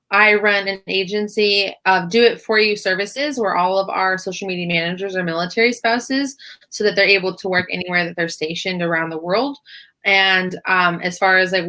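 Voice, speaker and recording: A woman's voice: mid-range voice, bright, forceful tone. A woman talking as a guest on a talk show, friendly and a bit rambling. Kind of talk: casual interview.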